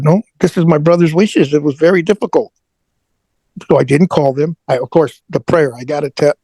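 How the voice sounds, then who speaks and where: A man's voice: fairly high pitch, darkish tone, breathy edge, no echo. A man who is a guest on an interview show, telling a personal story earnestly and often repeating his words.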